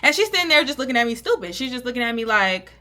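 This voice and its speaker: A young woman vlogger tells a story in a casual, animated way, full of slang and swearing, and she acts out what people said. Her voice sits high. It rings bright and sharp. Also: very fast.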